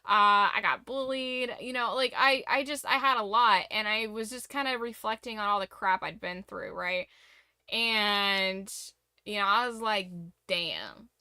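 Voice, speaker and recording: A woman's voice: medium pitch, a little slow, sharp tone, clean tone, no room sound. A young woman streamer in a casual late-night chat, speaking candidly and reflectively about her struggles, rambling with restarts.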